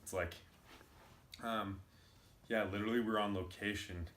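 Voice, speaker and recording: A man's voice: fairly low pitch, steady tone, unhurried, fairly bright tone. A man giving a loose, casual commentary full of fillers as he explains clips. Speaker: video commentator. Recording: roomy with faint noise.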